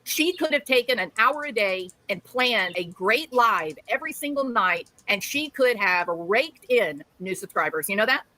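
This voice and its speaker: A woman's voice: medium pitch, animated, moderate pace, few pauses, sharp tone, low-quality recording. A woman live streaming, ranting angrily and sarcastically at someone she criticizes. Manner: scolding, sarcastic. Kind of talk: angry ranting commentary.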